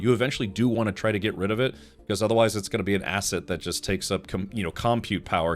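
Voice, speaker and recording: Low-voiced man rambling on a stream. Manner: rambling, joking, reads chat messages aloud. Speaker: livestream host. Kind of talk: casual livestream chat.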